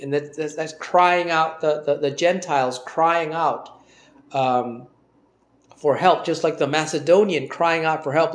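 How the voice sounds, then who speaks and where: A man's voice: fairly high pitch, steady tone, unhurried. A man giving an informal Bible study talk, hesitant, with many fillers and restarts. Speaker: Bible teacher.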